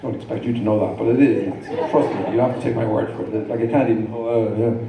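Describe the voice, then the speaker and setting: A man's voice: mid-range voice, steady tone, quick pace, crowd noise. A middle-aged man performing stand-up comedy, dry and self-deprecating, with rambling asides. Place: large live venue with audience. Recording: echoey hall, distant mic, noisy. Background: audience laughter.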